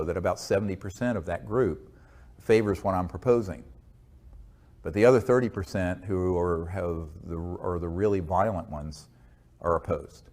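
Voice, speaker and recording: Low-voiced man, measured earnest guest. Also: a little mellow. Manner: measured, hesitant with frequent fillers. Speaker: interview guest. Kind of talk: earnest conversational storytelling.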